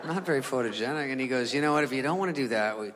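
A man telling a stand-up comedy story, acting out the people in it with big jumps in his voice. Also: racing. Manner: animated, acts out characters with big pitch jumps. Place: comedy venue stage. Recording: live room with long reverb and loud crowd.

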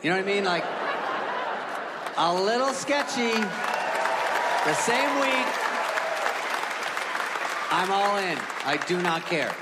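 A man from California doing stand-up, exasperated and profane, with a high, lively voice that leaps around. He is on stage in a big echoing hall. The crowd laughs loudly over a steady ambient noise. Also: takes it slowly, pauses often. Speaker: stand-up comedian. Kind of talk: stand-up comedy set. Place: comedy stage before an audience.

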